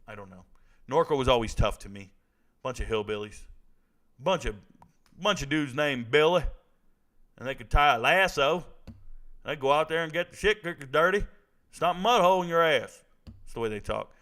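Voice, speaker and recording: A man's voice: fairly high pitch, animated, normal speed, pauses often, a bit bright. A man hosting casual sports commentary, blunt and joking as he talks through players. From Southern California. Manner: blunt, joking, trash-talking.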